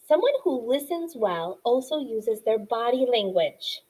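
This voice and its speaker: Woman, teacher, lesson for kids, fairly high voice, clear explanations, quiz questions. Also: measured pace, few pauses, rough recording. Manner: warm, animated teacher talk with questions to pupils. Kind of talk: classroom lesson for children.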